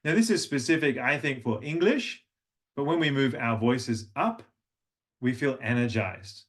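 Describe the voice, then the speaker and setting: A man's voice: mid-range voice, lively intonation, unhurried, a bit bright. A man, a former singer coaching about voice on a video call, chatty with frequent restarts. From Australia. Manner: demonstrates humming and vocal tones, chatty with restarts. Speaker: voice and language coach. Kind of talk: online workshop lecture with vocal demonstrations.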